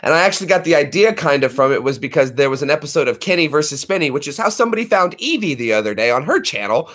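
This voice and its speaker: A man hosting a casual video chat, rambling through excited stories and adding his own sound effects. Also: fairly high pitch, quick pace. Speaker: channel host.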